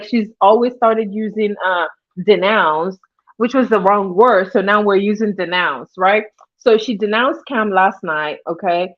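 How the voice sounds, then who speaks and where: Chatty woman hosting a lo-fi livestream. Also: medium pitch. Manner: chatty, greets chat viewers by name mid-story. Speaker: livestream host. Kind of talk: casual livestream commentary. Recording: dull lo-fi stream audio.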